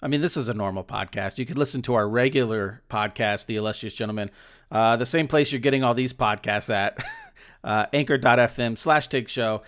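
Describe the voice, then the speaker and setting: A man co-hosts a podcast from home, chatting in a joking, laid-back way with loose restarts. His voice is medium-pitched, a bit bright, and fairly quick.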